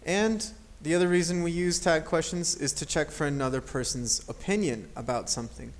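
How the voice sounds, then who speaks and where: Male English teacher, slightly high voice, patient explainer who demonstrates intonation. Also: a little fast. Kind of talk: grammar lesson.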